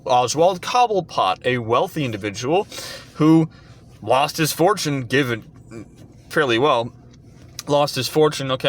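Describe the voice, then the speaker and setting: A man's voice: medium pitch, a bit bright. A man delivering an indignant, sarcastic commentary rant. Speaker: commentary vlogger. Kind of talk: ranting commentary.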